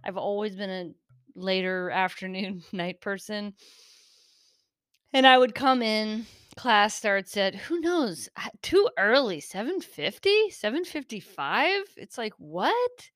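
Speaking slowly with lively intonation, a woman's mid-range, somewhat bright voice sounds clean and echo-free in the studio. As a solo podcast host slightly shaky from caffeine, she rambles, giggles, and keeps interrupting herself.

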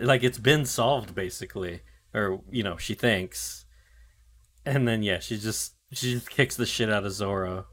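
A man's voice: on the low side, a little slow, a bit bright. A man co-hosting a podcast, retelling anime episodes in loose casual chat full of fillers, swearing and acted-out character lines. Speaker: podcast co-host recapping anime.

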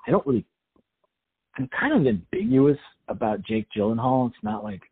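A man's voice: medium pitch, big pitch swings, normal speed, gravelly, husky. A man co-hosting a podcast, chatting casually and sarcastically about a movie, rambling with wry jokes. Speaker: podcast co-host. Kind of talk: casual movie review chat. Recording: tinny phone-like sound.

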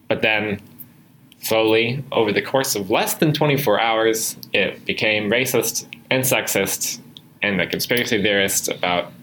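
Bright-voiced man hosting a podcast. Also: on the low side, slight background noise, rough recording. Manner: explanatory, filler-heavy. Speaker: host. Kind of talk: podcast conversation.

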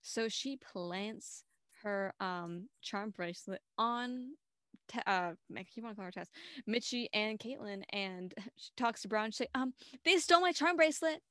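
A woman's voice: mid-range voice, unhurried, fairly bright tone, smooth, no room sound, studio quality. A young woman co-hosting a casual movie review, giggling and acting out characters' lines in playful voices. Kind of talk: casual chat.

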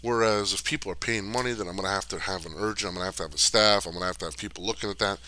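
A middle-aged podcast host speaks very fast in a low, sharp voice with fairly even intonation. Rambling casually, he reads viewer questions and gives loose, streetwise answers with lots of fillers and cursing.

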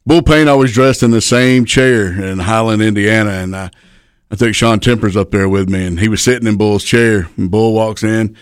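A man's voice: on the low side, steady tone, moderate pace, smooth, no room sound, clean studio sound. A middle-aged man, a former wrestler, telling rambling, profane backstage stories in casual chat. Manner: laid-back, profane, rambling anecdotes. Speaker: guest, retired pro wrestler. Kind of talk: casual storytelling.

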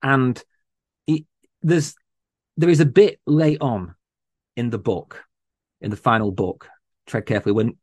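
A man with a voice of ordinary pitch, speaking as a guest on a podcast. He talks in a casual, earnest and passionate way. The sound is dry and close, with no room echo. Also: steady tone, measured pace, pauses often. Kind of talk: casual chat.

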